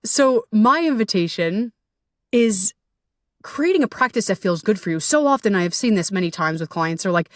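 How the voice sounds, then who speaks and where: A young woman hosting a solo podcast as a relationship coach, talking candidly and casually, swearing freely, with animated jumps into quoted voices. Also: medium pitch, normal speed, no room sound, studio quality.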